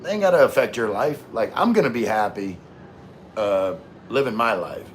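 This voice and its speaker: A man's voice: lowish voice, expressive, normal speed, a little hiss or hum. A man hosting a casual livestream, reading chat messages aloud in a laid-back, slangy, rambling way while having a few drinks.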